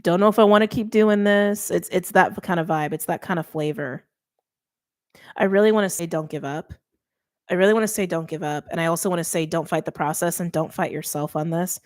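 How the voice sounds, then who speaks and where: A young woman with a slightly low voice reads tarot cards in a loose, conversational way. She talks with emphasis, repeats herself and breaks off mid-thought. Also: a little fast. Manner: chatty, emphatic, self-interrupting. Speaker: tarot reader. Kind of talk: casual tarot reading.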